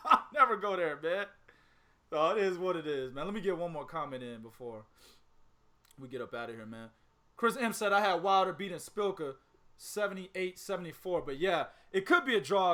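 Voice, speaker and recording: Animated, bright-voiced man talking boxing. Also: a little high. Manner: animated, profane, laughs often. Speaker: boxing podcast host. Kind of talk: casual chat.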